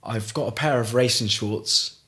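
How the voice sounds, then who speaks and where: A middle-aged man from Gloucester, telling a story as a podcast guest in a halting way, with frequent restarts. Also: mid-range voice, bright, forceful tone. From Gloucester, England. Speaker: guest, ice swimmer. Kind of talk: casual storytelling in a podcast interview.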